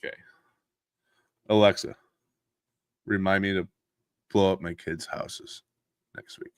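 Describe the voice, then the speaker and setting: This man hosts a laid-back podcast, speaking in a low voice at a moderate pace on a dry, clean studio recording. He cracks jokes, laughs a lot, and curses freely, with loud outbursts and laughter punctuating the easygoing conversation.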